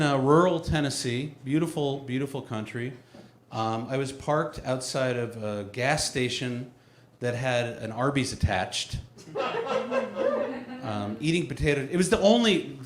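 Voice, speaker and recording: A man's voice: medium pitch, echoey room. A man performing a stand-up comedy set, telling stories in a wry, self-mocking way.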